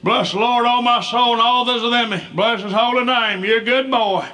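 Brief: comedian putting on a booming, deaf old deacon dad, high and bright. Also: male voice, fairly even intonation, normal speed. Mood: booming blessing. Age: 70s. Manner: booming, thinks he is whispering. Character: loud, hard-of-hearing old deacon father.

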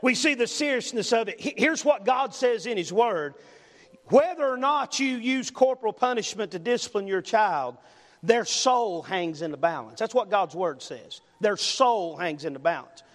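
A man's voice: sits high, expressive, moderate pace. An older man preaching a sermon as pastor, emphatic and repetitive, punctuating points with "amen?", recorded with long reverb in a church sanctuary. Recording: long reverb in a large hall.

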